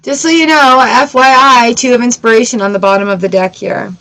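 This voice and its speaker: A woman's voice: fairly high pitch, fairly even intonation, fairly quick, bright, forceful tone, poor audio. A woman giving a casual tarot reading to camera, chatting directly to her viewers. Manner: chatty, addresses viewers directly with frequent "right?". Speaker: tarot reader.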